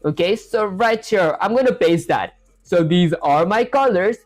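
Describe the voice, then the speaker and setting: A man's voice: sits high, animated, unhurried, no room sound. A man live-streaming while he codes, thinking aloud with lots of fillers and reading viewer chat aloud to answer it. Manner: thinks aloud, says "honestly" and "that said" often, filler-heavy.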